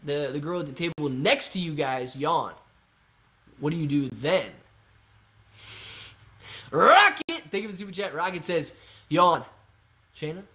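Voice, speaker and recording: A young man hosts a casual live stream, reading out viewer comments and bantering with them. His delivery is loose, animated and joking, and his voice sits somewhat high for a man. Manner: animated, loose and joking, reads chat aloud. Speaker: livestream host.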